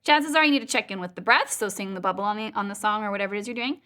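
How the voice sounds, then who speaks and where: A woman's voice: medium pitch, racing, sharp tone. A woman teaching a live online singing lesson, upbeat and playful, showing exercises with sung sounds over a video call. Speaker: vocal coach.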